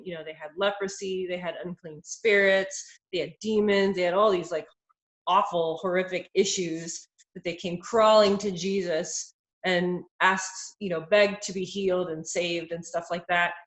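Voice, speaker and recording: A woman's voice: lowish voice, fairly even intonation, moderate pace. Rambling woman in an echoey room. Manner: rambling and searching, heavy use of "like" and "um". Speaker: Bible study participant. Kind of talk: casual group discussion.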